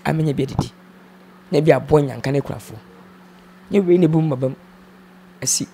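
A man's voice: a little high, fast talker, vocal fry, mellow, slight background noise. A man with a Ghanaian accent, speaking as an interview guest, subdued and mixing in English words. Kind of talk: emotional interview talk.

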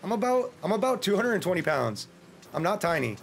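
An American man streaming a game, chatting casually in a joking, rambling way and breaking into sudden excited yelps. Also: high-pitched, a little fast, gravelly, a little hiss or hum. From United States. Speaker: livestreamer. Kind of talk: casual gameplay livestream commentary.

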